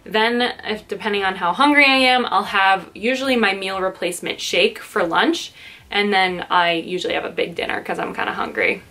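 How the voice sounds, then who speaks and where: This is casual vlog talk from a twenty-something lifestyle vlogger, sitting in her bedroom and chatting to camera with lots of fillers and an upbeat energy. Her voice is mid-range, bright and forceful, moving at a moderate pace, and she's slightly out of breath.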